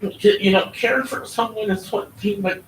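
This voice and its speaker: A woman speaking at normal speed in a mid-range voice delivers an earnest testimony at church, tagging phrases with "right?" as she goes. The church hall recording sounds roomy and far off, with a faint hum in the background.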